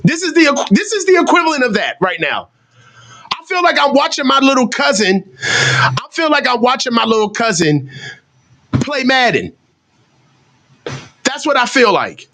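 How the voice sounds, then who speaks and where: A man giving live, profane fan commentary on a football game, ranting in exasperation and shouting when excited. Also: very high-pitched, normal speed, pauses often. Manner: profane, exasperated, rants and mocks the coach.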